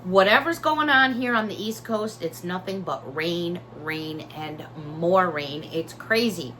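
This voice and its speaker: A woman's voice: on the low side, unhurried, a bit bright, a little hiss or hum. A woman chatting through a shopping haul video, talkative and emotional, bubbling over about each item. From Hudson Valley region of New York. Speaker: haul vlogger. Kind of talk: casual haul vlog chat.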